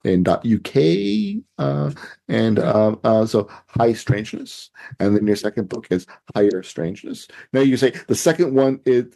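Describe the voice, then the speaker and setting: A Canadian man hosting a podcast interview, talking in a halting way with many fillers and restarts, and often laughing. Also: mid-range voice, very animated, vocal fry, dark tone. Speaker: podcast host. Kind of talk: casual interview chat.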